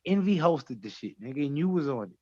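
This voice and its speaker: Man rapper guest, high voice, slangy animated storytelling, dry dull sound. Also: a little fast, no room sound. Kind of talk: casual radio chat.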